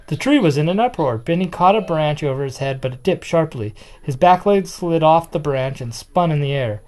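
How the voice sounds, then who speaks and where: A storyteller reading a children's picture book aloud in a steady, expressive way. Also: mid-range voice, normal speed.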